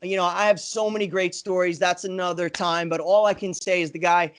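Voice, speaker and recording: High-voiced man telling rambling stories. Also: flat delivery, fairly quick, a bit bright, clear, resonant tone. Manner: enthusiastic, rambling anecdotes with lots of "you know". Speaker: guest musician. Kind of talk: casual podcast storytelling.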